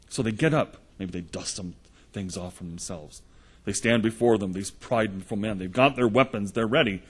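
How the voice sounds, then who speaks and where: Husky-voiced man preaching a sermon. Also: lowish voice, moderate pace. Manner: earnest storytelling, retelling gospel scenes in the present tense.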